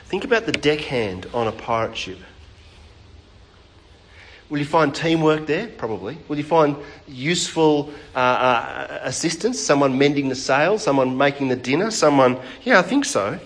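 A man's voice: mid-range voice, a little hiss or hum. A man preaching a sermon in a church, conversational and chatting with the congregation, often restarting phrases.

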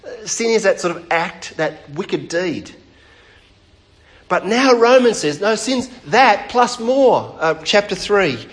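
A man's voice: fairly high pitch, a bit bright. A man preaching a sermon in a church, conversational and chatting with the congregation, often restarting phrases.

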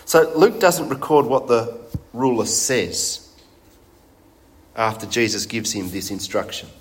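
A man preaching a sermon in a conversational way, putting rhetorical questions to his congregation. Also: lowish voice.

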